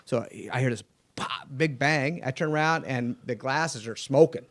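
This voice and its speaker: A man's voice: mid-range voice, normal speed, slight background noise. A man, a race car driver, telling stories in a casual studio chat and acting out the people he quotes. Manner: animated, acts out quoted voices. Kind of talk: casual storytelling.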